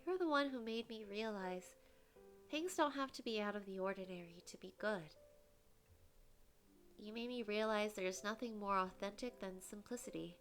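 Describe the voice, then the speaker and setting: A kind, gentle heroine from a story game, read aloud by a woman. She speaks sincerely in an even, steady way. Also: mid-range voice, moderate pace, faint music behind, voice pushed up, close to an everyday voice. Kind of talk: reading game dialogue aloud.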